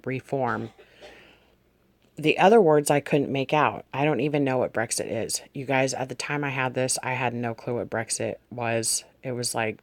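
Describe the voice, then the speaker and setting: Dreams and visions from a notebook are shared by a vlog host in casual testimony, spoken straight to viewers with plenty of wandering and self-correction. It's a mid-range voice in a dry recording.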